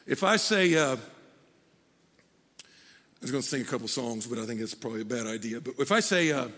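Man, pastor, high bright voice, animated sermon, hall reverb. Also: fairly quick. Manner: animated preaching, jokey asides to the crowd. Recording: long hall reverb from a large room.

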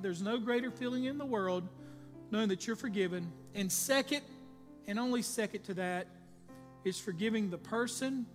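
Preaching man with a high voice in a reverberant church. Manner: emphatic preaching, storytelling with folksy asides. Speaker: pastor. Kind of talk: sermon. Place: church sanctuary. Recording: long reverb in a large hall, music behind.

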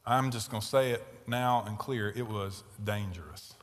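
A man preaching a sermon, telling a story and growing loud and animated in tense moments. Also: on the low side, normal speed, in a large hall. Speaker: pastor. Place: large tent.

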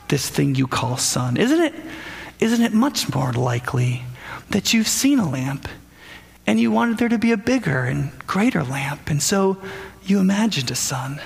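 A man preaches a sermon conversationally, often stammering, restarting, and putting questions to his listeners. His voice is a little high with vocal fry, and a long reverb tail trails behind it.

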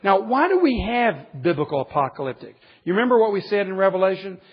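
A man preaching a conversational sermon, earnest, rising in pitch for emphasis and dropping to quiet asides. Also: sing-song, fast, breathy edge, muffled recording.

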